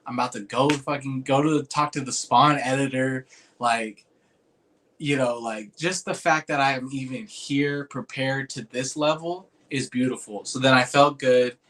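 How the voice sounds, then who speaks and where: A man's voice: mid-range voice, fairly even intonation, measured pace, fairly bright tone. A man telling a personal story in casual, rambling talk, full of "like" and "dude", swearing freely and turning earnest about moving moments. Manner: earnest and emotional when recalling a moving moment.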